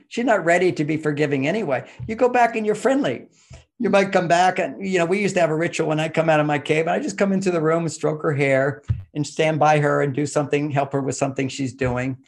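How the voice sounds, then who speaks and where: A man explaining relationship advice in an interview, emphatic and teacherly, pushing his voice up on key points. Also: a little high.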